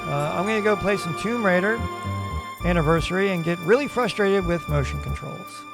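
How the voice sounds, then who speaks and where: A man's voice: high-pitched, fairly quick, gravelly, over music. A man hosting his own podcast, telling stories in a rambling, wry, casual way. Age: adult parent. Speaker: podcast host. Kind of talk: casual solo podcast chat.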